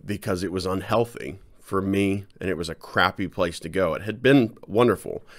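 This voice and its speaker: A man talking casually to his viewers in a personal vlog, rambling and self-deprecating, halting often with fillers. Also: low-pitched. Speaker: channel host.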